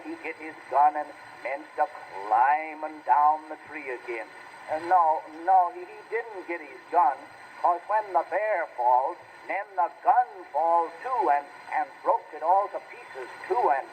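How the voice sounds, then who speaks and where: A man's voice: fairly high pitch, a little hiss or hum, lightly acted, poor audio. A man doing a rambling little country boy. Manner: rambling, stumbling restarts, folksy child dialect. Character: small boy rambling through a bear tale. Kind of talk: recited dialect monologue.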